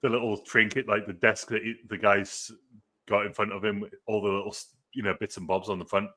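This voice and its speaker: A man's voice: fairly low pitch, level tone, a little fast, bright, forceful tone. A man with a British accent chatting casually about a movie, rambling with lots of fillers. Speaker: movie reviewer. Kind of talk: casual chat.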